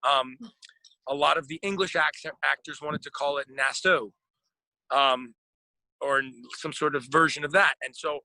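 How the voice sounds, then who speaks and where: American man with a bright, forceful voice. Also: fairly high pitch, normal speed, no room sound, poor audio. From United States. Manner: rambling, many restarts and fillers. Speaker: actor, interview guest. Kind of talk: casual interview chat.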